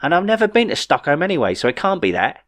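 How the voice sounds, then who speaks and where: A man's voice: a little high, very animated, fast talker, fairly bright tone, pitched above the performer's own voice. A man voicing a cheeky, optimistic man who talks in an upbeat, teasing way in a storybook reading.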